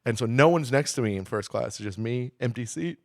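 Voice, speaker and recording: Male comedy podcast co-host, animated profane storyteller, medium voice, dry close sound. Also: medium pitch, a little fast, creaky, no echo.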